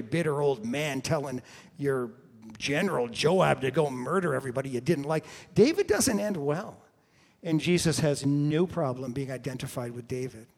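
Male preacher, fairly high voice, storytelling sermon, long hall reverb. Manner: storytelling, acts out quoted voices with sudden shouts.

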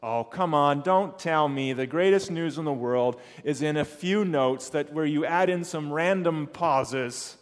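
A man's voice: on the high side, unhurried, hardly any pauses, lightly acted. An exasperated young boy, whiny and incredulous, grumbling about the piano, as a preacher puts him on. The voice rings with a long reverb that lingers in the hall.

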